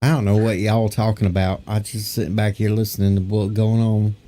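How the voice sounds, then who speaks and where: A man's voice: fairly low pitch, level tone, a little fast, mellow, no echo. A man chatting on a livestream in a laid-back, offhand way. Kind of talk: casual chat on a livestream.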